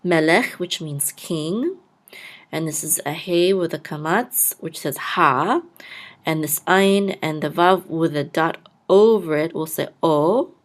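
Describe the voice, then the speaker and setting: Low-voiced woman slowly teaching Hebrew letters. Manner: patient, sounds out syllables and repeats words. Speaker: podcast host and Hebrew blessing teacher. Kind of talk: slow step-by-step reading lesson.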